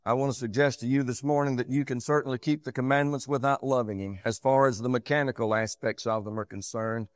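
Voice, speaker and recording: A man's voice: fairly even intonation, fast, hardly any pauses, dry recording. Male preacher with a dramatic sermon delivery, dry close recording. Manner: swells loud and high then drops low and quiet.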